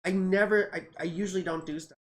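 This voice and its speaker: A woman's voice: on the low side, steady tone, fast. An American woman in her forties, a goofy, rambling astrologer chatting casually on a livestream, swearing freely and sounding tired and a bit out of it. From United States. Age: 40s. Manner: tired, yawning, out of it. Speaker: astrologer doing live chart readings.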